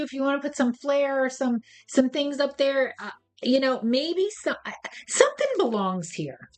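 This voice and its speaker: A woman's voice: high voice, expressive, normal speed. A woman hosting a craft tutorial, chatty and playful as she talks viewers through each step. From United States. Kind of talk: casual step-by-step craft demonstration.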